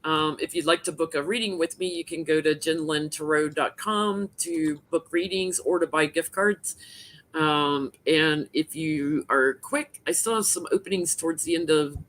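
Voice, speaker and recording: A woman hosting a casual live tarot stream, talking in a relaxed, rambling way with frequent fillers. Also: low-pitched, moderate pace, slight background noise. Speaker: tarot reader and show host.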